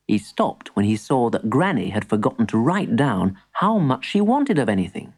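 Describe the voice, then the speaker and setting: A woman reading a children's story aloud, an expressive storyteller. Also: very deep voice, moderate pace, few pauses, slightly rough. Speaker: narrator.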